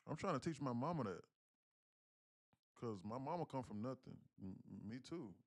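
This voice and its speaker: A young man day-trading on a livestream, chatting casually and profanely with viewers, telling stories loudly and excitedly. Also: mid-range voice, normal speed. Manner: profane, animated storytelling, gets loud and excited.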